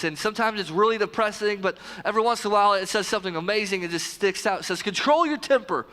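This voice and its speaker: A man in his thirties preaching a casual, joking sermon at a live church service, talking straight to the congregation with quick asides. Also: sits high, a bit bright, big-room sound. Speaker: pastor.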